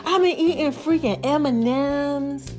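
A woman's voice: high voice, a little slow, faint music behind. A woman hosting her own podcast in casual, chatty talk, out of breath and sighing between phrases, calling her listeners baby. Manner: lively, chatty, calls listeners baby and y'all. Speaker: podcast host.

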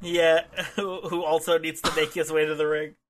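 A man's voice: fairly high pitch, level tone, normal speed, slight background noise. A man co-hosting a casual chat, rambling with restarts and acting out funny quotes. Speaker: podcast co-host.

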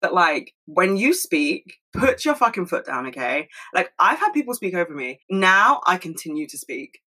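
A young woman talking fast and rambling in a casual monologue at home, swearing freely. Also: fairly low pitch, very animated, sharp tone, low-quality recording. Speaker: solo podcast host.

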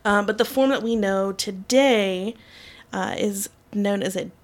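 A woman's voice: mid-range voice, measured pace. Chatty woman explaining folklore. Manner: explains folklore with many ums and likes. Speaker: podcast co-host. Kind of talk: casual chat.

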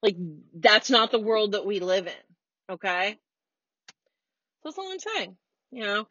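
A woman's voice: mid-range voice, sing-song, slow pace, a bit bright, dry recording, highs cut off. An American woman in her forties, hosting her podcast from a parked car, ranting bluntly and sarcastically with plenty of swearing. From United States. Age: 40s. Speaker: podcast host. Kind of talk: casual solo rant.

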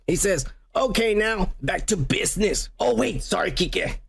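A man's voice: sits high, animated, a little slow, vocal fry, fairly bright tone, husky. A man from Mexico co-hosting a podcast, bickering and telling stories in casual profane banter. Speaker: podcast co-host.

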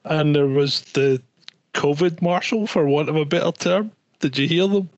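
A man's voice: fairly high pitch, normal speed, dry recording, muffled recording. A man chatting casually as co-host, telling stories with amusement over a remote call. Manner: storytelling, amused. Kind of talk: casual chat.

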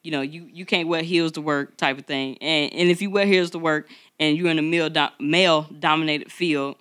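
A woman's voice: low-pitched, steady tone, a little fast, fairly bright tone, clean tone. A woman co-hosting a podcast in casual, emphatic chat, laughing often. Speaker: podcast co-host.

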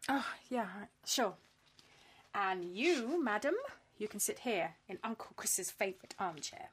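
A woman's voice: medium pitch, animated, measured pace, slight background noise, close to an everyday voice. An actress playing a woman unnerved by a stalker, frank and blunt in her speech, in a radio drama. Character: rattled woman harassed by a stalker.

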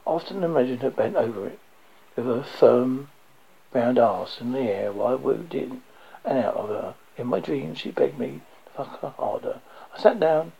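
A man reading a dark first-person story aloud, low and intense, sometimes dropping to a whisper. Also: animated, normal speed, creaky, husky. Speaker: audiobook narrator. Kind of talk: first-person audiobook narration. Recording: dull lo-fi recording.

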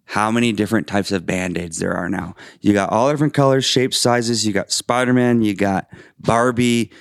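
Low-voiced laid-back man, chatty. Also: gravelly, no room sound, studio quality. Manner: relaxed, chatty, quick to agree and tell stories. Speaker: podcast co-host. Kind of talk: casual faith podcast chat.

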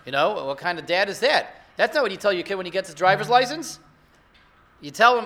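High-pitched, bright-voiced rabbi giving a sermon. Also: male voice, racing. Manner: rhetorical, builds to excited emphasis. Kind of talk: Torah sermon.

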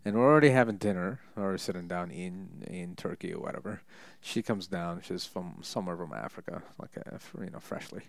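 Young man, deep voice, gravelly, casual rambling storyteller, joking, fillers and restarts, dry sound. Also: brisk, hardly any pauses, no echo. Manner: rambling, joking, many fillers and restarts, laughs at own stories.

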